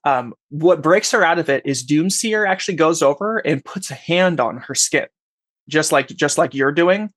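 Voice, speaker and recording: A young man running a tabletop game as game master. He narrates haltingly, with many restarts. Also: a little high, animated, fairly bright tone, no echo.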